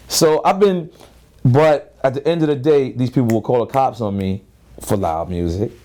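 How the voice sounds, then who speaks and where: A man talks loosely through an interview story. He curses freely and acts out every character in it. His pitch leaps high for the punchlines and falls low for the serious points. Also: moderate pace. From Queens, New York. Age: 30s. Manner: animated, profane, acts out both sides of his stories. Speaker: rapper and interview guest.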